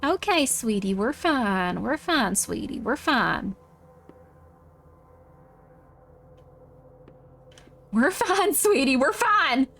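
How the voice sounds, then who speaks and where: A woman voicing a gentle mother who softly reassures her frightened child. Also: high voice, sing-song, slow pace, a little hiss or hum, exaggerated voice. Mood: soothing. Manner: soft, reassuring, coddling.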